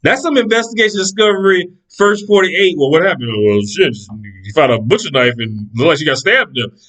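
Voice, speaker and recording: Animated profane storyteller man. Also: a little high, brisk, poor audio. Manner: animated, profane, acts out the people in his stories. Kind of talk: casual storytelling monologue.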